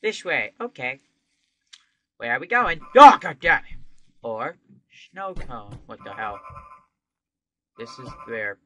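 A man giving casual, profane game commentary, swinging into sudden loud outbursts. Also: medium pitch, big pitch swings, slow, pauses often. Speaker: gameplay commentator.

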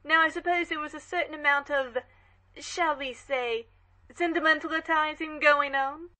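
A woman playing an imperious, sharp-tongued elderly aristocratic lady in an audio drama reading. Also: sits high, steady tone, moderate pace. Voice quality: commanding, cross-examining.

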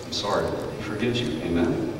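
A man's voice: sits low, fairly quick, crowd noise. Brief: male pastor, playful children's sermon, distant mic, long church reverb. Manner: playful, acts out quoted voices. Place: church sanctuary. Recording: echoey church hall, mic far off.

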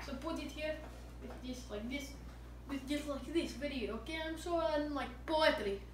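High-voiced woman in a put-on Russian accent. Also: normal speed. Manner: playful, broken English, jokey. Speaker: vlogger. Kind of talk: casual cooking review vlog. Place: home kitchen. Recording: echoey kitchen, far from mic, noisy.

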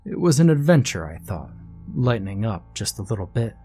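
A man narrating a first-person horror story in a measured storytelling manner, with conversational asides. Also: on the low side, sing-song, dark tone, husky, faint music behind.

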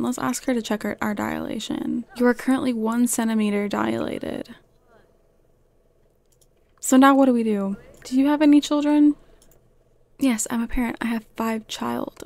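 A woman giving chatty, excitable commentary over a life-simulation game as she plays, often gasping and laughing. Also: fairly high pitch, gravelly, dry recording. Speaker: game streamer. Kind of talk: casual gameplay commentary.

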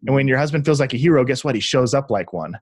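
A young adult man speaks as a podcast guest, telling stories with real enthusiasm and acting out the voices of the people in them. His voice sits at a middle pitch. The sound is dry, with no room echo. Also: expressive, fast talker, husky. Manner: enthusiastic, acts out quoted speech. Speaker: guest, relationship researcher. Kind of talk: conversational storytelling.

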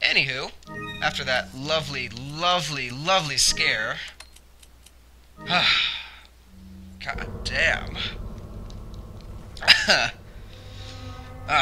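A man's voice: medium pitch, sharp tone. A young man hosting a let's play, talking through the game and yelping and repeating himself when something startles him. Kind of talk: gameplay commentary.

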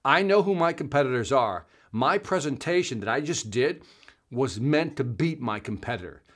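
A middle-aged man hosting a live sales show, chatting casually and reading viewer comments, animated, calling viewers man and brother. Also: medium pitch, moderate pace.

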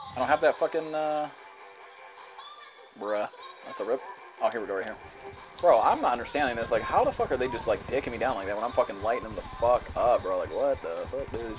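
A young man streaming a shooter game, ranting and cursing at the lag and at enemies, yelling now and then. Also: mid-range voice, animated, fairly quick, long pauses. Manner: profane, frustrated, rants and yells at the game. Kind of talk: live gameplay commentary. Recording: music playing behind the voice.

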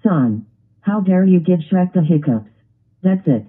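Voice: medium pitch, expressive, a little slow, husky. A text-to-speech voice playing an angry, strict father grounding his son in a cartoon. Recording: tinny phone-like lo-fi audio.

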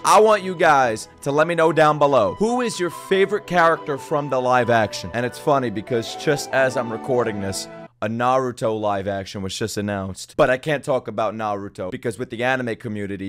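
Man, reaction host, excitable, laughing, swearing, lively pitch, faint music behind. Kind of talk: casual reaction commentary.

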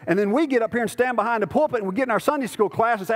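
A man's voice: extremely high pitch, racing. A man preaching a sermon as pastor, conversational and then rising to emphatic pleading. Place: church sanctuary. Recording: long church reverb.

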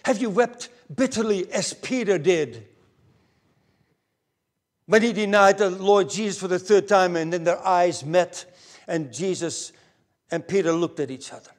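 A man preaching a sermon as pastor, earnest, moving between raised emphasis and hushed near-whispers. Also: high voice, a little slow, pauses often. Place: church pulpit.

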